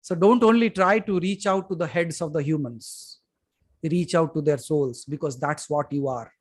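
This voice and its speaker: A man with an Indian English accent giving a spiritual satsang talk, emphatic, moving from loud to hushed and putting questions straight to his listeners. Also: on the high side, normal speed. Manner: addresses listeners directly with questions. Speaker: spiritual teacher. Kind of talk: satsang talk to a live audience.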